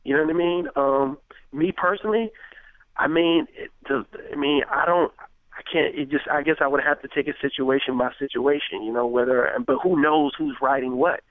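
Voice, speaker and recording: Dude from richmond california rambling on about music, lots of you know what i mean, sounds thin like over a phone, dry. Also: male voice, on the high side, normal speed, dry recording. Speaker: rapper guest. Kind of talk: casual interview talk. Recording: tinny phone-like line, dry.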